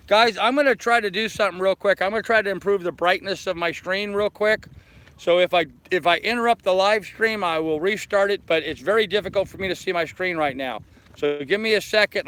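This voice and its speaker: An older man on a live stream, chatting into his phone from the deck of his anchored boat. He has a smooth, clear voice that sits a little high for a man, and he goes through his viewers' comments one at a time in a loose, friendly way. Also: fairly bright tone. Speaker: sailing vlogger. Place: aboard a small anchored sailboat outdoors. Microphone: phone held in hand.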